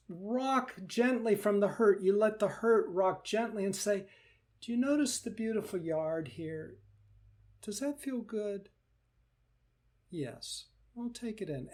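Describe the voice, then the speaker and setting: A man teaches meditation in a live question-and-answer session, speaking gently and reassuringly and often repeating phrases. His voice is high.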